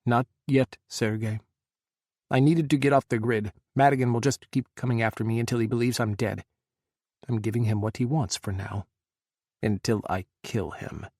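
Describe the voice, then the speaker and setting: A man's voice: mid-range voice, fairly even intonation, normal speed, a little mellow, no room sound, studio quality, natural voice. A man voicing a grieving former president who pleads urgently for help. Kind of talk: audiobook character voice.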